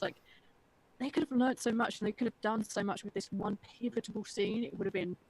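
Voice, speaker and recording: A woman's voice: mid-range voice, steady tone, fairly quick, darkish tone, husky, no room sound, rough recording. A woman co-hosting a casual podcast, rambling through a critique of an episode and filling her talk with "like". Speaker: podcast co-host.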